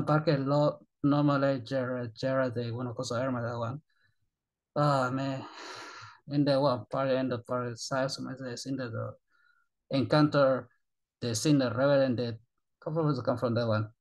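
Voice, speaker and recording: An excitable man from Argentina rambles through a casual reaction commentary in broken English. His voice sits at an everyday middle pitch, and his talk is peppered with swearing. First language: Spanish. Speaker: YouTube reaction channel host.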